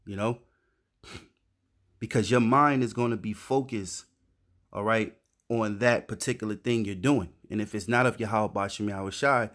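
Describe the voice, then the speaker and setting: A man's voice: lowish voice, moderate pace, pauses often. A man teaching scripture informally, reading verses aloud and explaining them in slangy street talk, often adding "man" and "you know". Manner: reads verses then riffs in slangy street talk, says "man" a lot. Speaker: street preacher.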